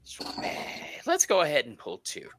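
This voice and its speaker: A man hosting a live tarot stream, joking and laughing often in an animated way. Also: fairly high pitch, normal speed, noisy background. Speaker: tarot reader and stream host. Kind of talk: livestream tarot chat.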